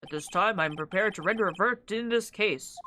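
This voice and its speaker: A woman's voice: mid-range voice, a little fast, bright, forceful tone, slight background noise, lightly acted. A woman voicing a stern, formal older male judge in a courtroom video game.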